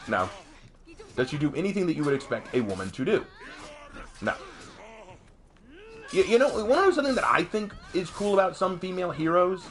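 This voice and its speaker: A man's voice: a little high, a bit bright. A man streaming a game and commenting casually, ranting emphatically with frequent restarts.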